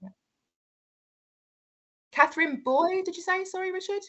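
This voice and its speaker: A woman's voice: very high-pitched, measured pace. A woman co-hosting a casual online show, giggly and bubbly as she greets viewers by name. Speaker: co-host. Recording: lo-fi online stream audio.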